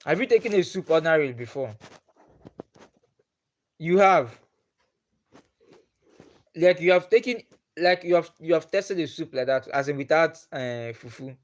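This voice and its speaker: With a fairly high voice and a Nigerian accent, this livestreamer talks in an animated but unhurried way, pausing often. He repeatedly puts the same questions to his viewers.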